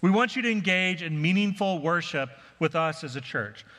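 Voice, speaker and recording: A man's voice: a little high, pushed and bright. A male pastor giving a sermon to his congregation, earnest and conversational. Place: church auditorium. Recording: reverberant church hall.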